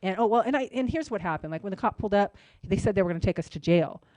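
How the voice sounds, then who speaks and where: A woman co-hosting a radio talk show, telling a story in a casual, animated way with lots of "like" and "you know", and acting out the other people's voices. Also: rapid-fire, no room sound. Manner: animated, acts out quoted voices with big pitch jumps.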